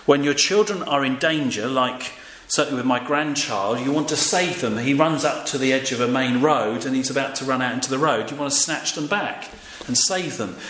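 A man's voice: medium pitch, moderate pace, hardly any pauses, a bit bright. An older man giving a sermon in a casual, conversational way, often asking his listeners to respond. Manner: conversational, with fillers and audience prompts. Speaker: preacher. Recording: echoey room with faint ambient noise.

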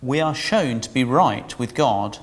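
A man preaching a sermon in a lively, conversational way, asking his listeners questions. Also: medium pitch, unhurried, big-room sound.

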